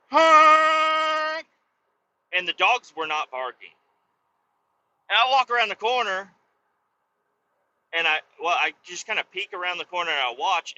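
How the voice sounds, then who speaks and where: A man's voice: a little high, pushed and bright, lo-fi sound. A man hosting a podcast, telling a story in casual, profane, laid-back talk while driving a car. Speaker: podcast host.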